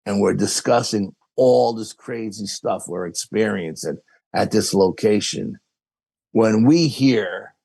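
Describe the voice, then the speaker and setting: Man, New York accent, gravelly voice, dry recording, storyteller acting out dialogue. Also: lowish voice, no room sound. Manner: animated storyteller with quoted dialogue. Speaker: podcast guest. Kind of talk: casual storytelling.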